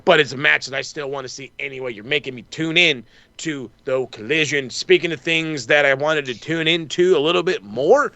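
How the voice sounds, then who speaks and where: A man's voice: a little high, bright, forceful tone, dry recording. A man co-hosting a podcast, ranting and swearing constantly through a heated wrestling recap, often mimicking other people. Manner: fast, heated, swears constantly, mock quotes. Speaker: podcast co-host. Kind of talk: profane wrestling recap rant.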